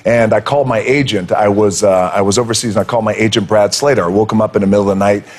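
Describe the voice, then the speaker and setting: A man's voice: lowish voice, steady tone, fast talker, a little mellow. A man telling a comic anecdote as a talk show guest, playfully acting out the voices of the people in it.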